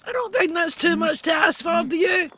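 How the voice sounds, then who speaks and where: A woman with a hoarse, deep-sounding voice, chatting casually, exasperated and swearing as she streams a game. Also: normal speed, pushed and bright. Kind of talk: casual gaming stream commentary.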